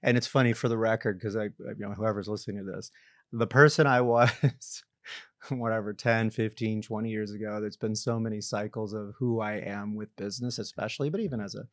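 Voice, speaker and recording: A man's voice: lowish voice, steady tone, fairly quick, dry recording, studio quality. A middle-aged man, a company founder guesting on a podcast, telling self-deprecating stories in casual conversation and acting out what people think. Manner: storytelling, acts out quoted thoughts in other voices; self-deprecating, frequent restarts and laughs.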